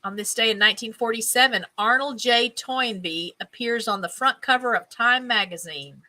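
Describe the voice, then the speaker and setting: A woman's voice: a little high, moderate pace, pushed and bright, a little hiss or hum, rough recording. A woman hosting a casual stream, reading items aloud, tripping over names, and adding chatty musing asides. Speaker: host.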